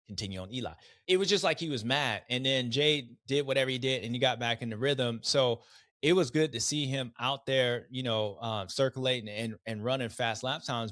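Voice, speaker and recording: A man's voice: mid-range voice, a bit bright, no echo, studio quality. A man hosting a casual race recap, rambling with slang and restarts and acting out riders' voices in quotes. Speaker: podcast host, former racer.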